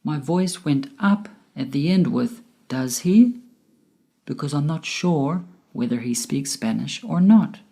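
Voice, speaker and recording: Slow, mellow-voiced woman teaching grammar. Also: sits low, gravelly, husky. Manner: slow, deliberate, with exaggerated rising and falling example intonation. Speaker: English teacher. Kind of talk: scripted grammar lesson.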